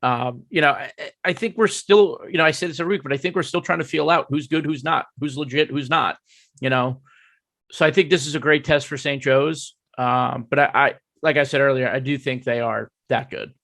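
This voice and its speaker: A man co-hosting a casual high school football podcast, talking conversationally and restating his points. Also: a little fast, fairly bright tone, no room sound. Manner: conversational, repeats points, frequent fillers. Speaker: podcast co-host. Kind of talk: casual sports podcast chat.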